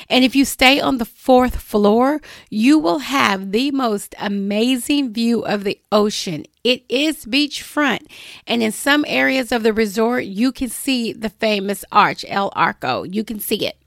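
A woman's voice: on the high side, fairly bright tone, no echo, clean studio sound. A woman hosting a travel podcast, talking casually and chattily to her listeners. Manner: chatty, drawls "y'all". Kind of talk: casual solo podcast talk.

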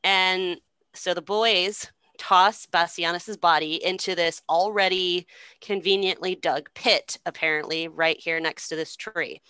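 A woman's voice: on the low side, steady tone, a little slow, sharp tone, clear, resonant tone, no room sound. A young woman casually retelling a play with irreverent, slangy humor and frequent swearing. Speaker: storyteller.

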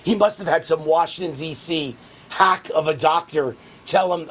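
A man hosting a political talk radio show, delivering a rapid, heated ranting monologue. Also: fairly high pitch, a bit bright, slightly rough.

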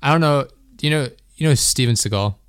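A man's voice: mid-range voice, fast talker, clean tone, no room sound, studio quality. A young man hosting a podcast, telling a story in a rambling, laughing way, full of "like". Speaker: podcast host. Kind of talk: casual chat.

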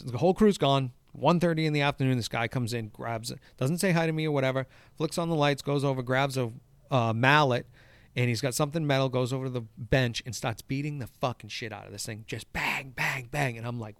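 Brisk and profane, the golf course superintendent rambles through a casual anecdote, loudly acting out the lines people shouted. His voice is middle-pitched, and the close recording is dry, with no room sound.

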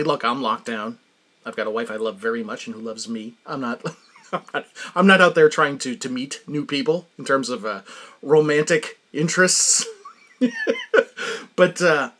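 A man's voice: medium pitch, a bit bright. A man hosting a podcast in a rambling, casual comic monologue who laughs often at his own stories. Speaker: podcast host.

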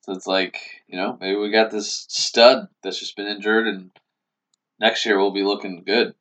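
Lower-voiced male sports podcast co-host. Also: little pitch movement, normal speed, fairly bright tone. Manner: hesitant, searching with uh and you know. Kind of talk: casual sports analysis. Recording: dull lo-fi podcast audio.

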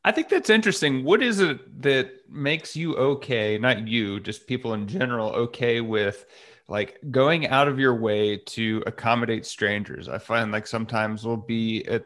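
A man's voice: mid-range voice, normal speed, a bit bright. A young man co-hosting a podcast, talking in an easygoing, rambling way with lots of fillers. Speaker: podcast co-host. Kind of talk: casual chat.

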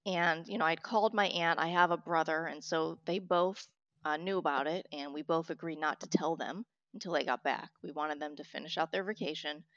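A talkative woman in her thirties speaks as an interview guest, sharing a personal story in a candid, heartfelt way. Her voice sits a little low and she often restarts her sentences. The sound is dry and dull, with a lo-fi quality. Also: fairly quick, fairly bright tone, dry recording.

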